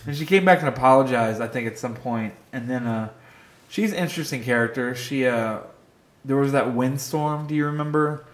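A man's voice: medium pitch, moderate pace. A man chatting casually on a podcast, spinning a long loose story between laughs. His voice sits in the middle range, and the recording rings with a roomy echo. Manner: rambling storyteller, laughs often. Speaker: podcast co-host. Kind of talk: casual banter.

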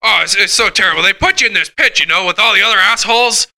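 Hyper, profane Santa Claus, played by a man, high and very bright, rambling and stammering through an improvised sketch. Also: quick pace, heavily acted. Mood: manic. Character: wired, foul-mouthed, sleepless Santa Claus man.

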